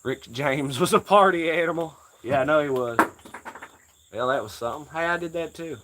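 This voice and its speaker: A man's voice: on the high side, moderate pace, background noise. An American man rambling casually on a livestream, jokey and profane. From United States. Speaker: livestream host.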